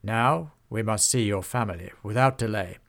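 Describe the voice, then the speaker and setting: A man voicing a calm, grave male swordsman hero in a storybook reading, measured and steady. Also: on the low side, vocal fry.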